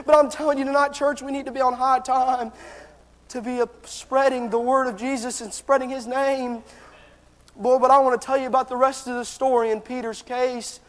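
High-pitched fervent male preacher in a hall. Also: flat delivery, moderate pace. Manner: fervent, impassioned preaching to the congregation. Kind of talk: sermon.

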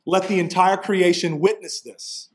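A man's voice: high-pitched, fairly even intonation, unhurried. A man preaching an expository sermon, building intensity on key points. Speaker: pastor.

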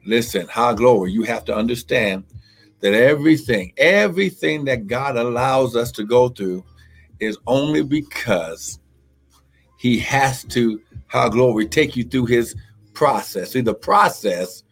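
A man's voice: medium pitch, animated, measured pace, soft background music. A man preaching a live-streamed sermon, with fervent repetition, calls of glory and speaking in tongues, greeting online viewers by name.

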